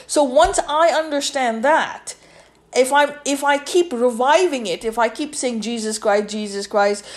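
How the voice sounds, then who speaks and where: A woman with a high voice speaks alone as a podcast host. She lectures emphatically and repeats phrases over and over to drive her points home. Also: a little slow. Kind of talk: solo podcast monologue.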